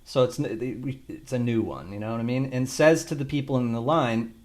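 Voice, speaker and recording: A man with a medium-pitched, slightly mellow voice talks a little fast as he demonstrates an AI video tool in a screen-recorded tutorial. He rambles and thinks aloud, swearing casually.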